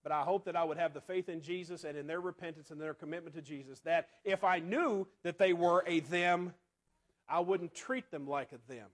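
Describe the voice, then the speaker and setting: A man preaching a sermon in a conversational way, asking the congregation rhetorical questions and often dropping to quiet asides. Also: on the high side, a little fast.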